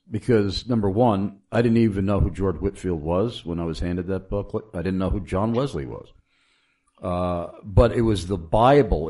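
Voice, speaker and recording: A man with a very low, dark voice tells his faith story in a slow, unhurried way. He speaks earnestly, often pausing on fillers and starting sentences over as he recalls events. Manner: halting, many fillers and restarts, earnest. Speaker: guest telling his testimony. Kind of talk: casual spoken testimony.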